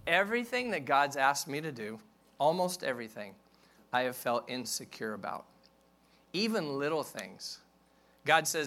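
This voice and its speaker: A middle-aged male pastor preaching in a candid, self-deprecating, conversational manner. His voice sits a little higher than most men's and sounds bright and forceful. He speaks directly to the congregation as if chatting with them. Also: big pitch swings, slow, long pauses. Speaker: senior pastor. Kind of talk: sermon.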